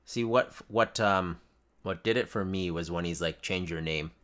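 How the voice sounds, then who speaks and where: A man in a casual fan discussion, relaxed and chatty, laughing easily. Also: low voice, moderate pace.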